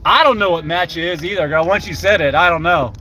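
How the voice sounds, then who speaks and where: Older man, high voice, sharp tone, rambling profane live-stream chat, faint music behind. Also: fast, rough recording. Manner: rambling, profane, chats with viewers by name.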